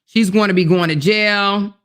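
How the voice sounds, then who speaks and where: This woman's mid-range voice is steady and a bit bright, moving a little slowly. She runs a laid-back livestream, addressing viewers directly, reading chat messages out loud, and hammering her points again and again with indignant emphasis.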